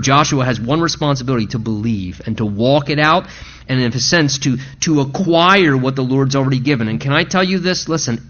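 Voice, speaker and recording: An earnest man preaches a sermon, and his fairly high voice climbs as he presses his points. He slows down to read scripture aloud. The recording is dull and lo-fi. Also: fairly bright tone. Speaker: pastor.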